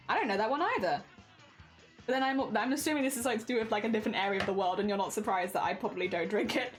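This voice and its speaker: A high-pitched young woman chats casually on a live stream, laughing often as she answers her chat. Faint music plays behind her voice. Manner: chatty, giggly, reads and answers chat.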